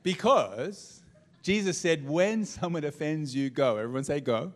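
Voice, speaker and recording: Animated, joking middle-aged pastor. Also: male voice, unhurried. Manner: humorous storytelling, animated pitch swings. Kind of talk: sermon.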